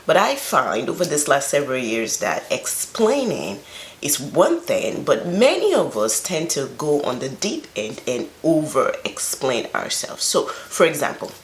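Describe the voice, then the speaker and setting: Low-voiced woman giving earnest advice. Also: huge pitch swings, a little slow, a little hiss or hum. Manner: earnest, emphatic, conversational. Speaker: self-reflection vlogger. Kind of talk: casual spoken advice.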